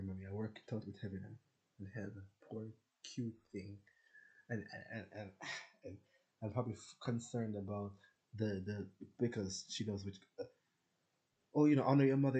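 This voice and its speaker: A man's voice: lowish voice, dark tone, rough recording. A man venting to his viewers in a rambling, profane personal rant, full of restarts. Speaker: vlogger.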